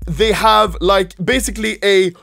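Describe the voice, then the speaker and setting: A man's voice: high-pitched, fairly even intonation, a little slow, creaky, pushed and bright, dry recording. A man casually telling a story to camera, laughing often and swearing freely.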